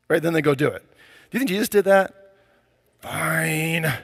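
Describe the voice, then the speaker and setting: A man's voice: a little high, creaky. Casual, chatty man preaching in a reverberant hall. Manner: casual, conversational preaching full of fillers. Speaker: pastor. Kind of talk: sermon.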